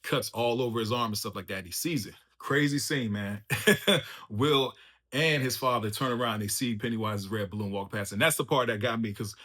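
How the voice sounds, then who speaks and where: A man hosting a casual spoiler review of a TV show, excitable and slangy, laughing often as he recaps. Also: mid-range voice, moderate pace. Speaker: TV review channel host.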